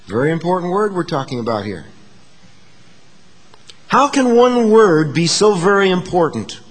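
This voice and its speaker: A man preaching a sermon to his congregation, moving between hushed asides and emphatic, rising declarations. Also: a little high, big pitch swings, moderate pace, long pauses, in a large hall. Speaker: pastor.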